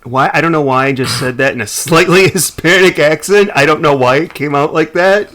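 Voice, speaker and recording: A man co-hosting a podcast in casual chat, animated and jokey, often trailing off and restarting his sentences. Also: fairly high pitch, fairly quick. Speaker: podcast co-host.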